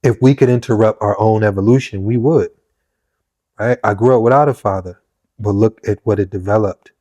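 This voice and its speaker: A man hosting a casual talk, telling personal stories with animated acted-out quotes. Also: fairly low pitch, a little fast, dry recording, dull audio. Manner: animated storytelling, acts out quotes. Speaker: podcast host. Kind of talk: casual conversation.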